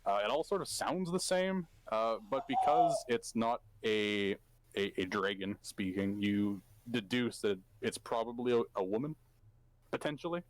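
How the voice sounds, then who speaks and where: A man's voice: lowish voice, lively intonation, moderate pace, a little hiss or hum. A man narrating as game master for a tabletop game, hesitant and full of fillers.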